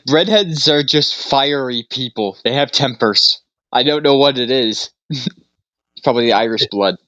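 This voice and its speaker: A man's voice: mid-range voice, sharp tone, no echo, lo-fi sound. A young man co-hosting a casual chat, rambling through a story, laughing often and acting out what others said. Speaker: podcast co-host.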